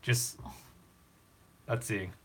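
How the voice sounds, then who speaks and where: A young man hosting a casual live stream, talking earnestly and emotionally to comfort a viewer. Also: extremely slow.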